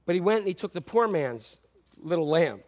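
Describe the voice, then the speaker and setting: A man preaching a sermon as a pastor, animated, swinging between loud and hushed delivery. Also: high voice, brisk.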